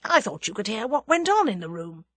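Woman voicing a brisk young male adventurer, storybook, near her own voice, slightly husky. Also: medium pitch, very animated, a bit bright, no echo. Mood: wary. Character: young English adventurer, plucky and practical.

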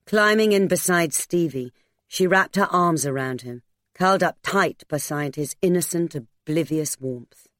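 A woman narrating a novel in a steady, measured storytelling voice. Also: low-pitched, dry recording, studio quality. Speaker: audiobook narrator.

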